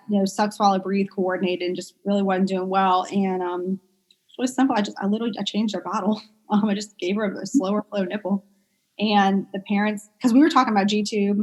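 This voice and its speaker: A woman working as a pediatric speech therapist, chatting casually in an interview and telling stories with lots of fillers and animated quoted voices. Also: mid-range voice. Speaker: pediatric speech-language pathologist guest.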